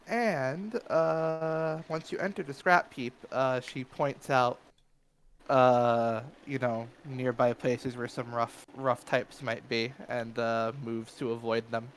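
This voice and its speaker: A man's voice: mid-range voice, steady tone, slow, slight background noise, rough recording. A man narrating as game master of a tabletop game, hesitant and full of fillers.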